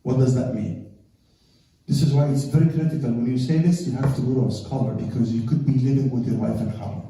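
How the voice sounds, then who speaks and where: Animated male lecturer in an echoey hall. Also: mid-range voice, fast, a little hiss or hum. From Egypt. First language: Arabic. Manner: animated storytelling, acting out quoted voices. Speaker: Islamic lecturer. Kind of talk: religious lecture to an audience. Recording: echoey hall, mic from far off.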